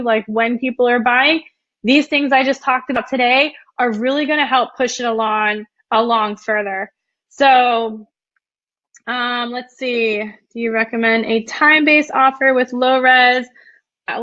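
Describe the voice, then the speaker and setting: A woman's voice: on the high side, fairly bright tone, no room sound, lo-fi sound. A young woman hosting a casual live webinar, chatty and full of ums and likes as she reads out viewer questions and answers them. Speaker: webinar host.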